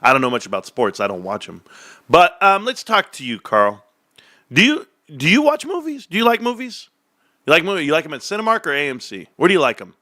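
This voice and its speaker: Lively, bright-voiced man in his forties. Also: on the high side, brisk, no room sound. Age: 40s. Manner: rambling, joking, tangent-prone. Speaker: stock market vlogger. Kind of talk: casual rant to viewers.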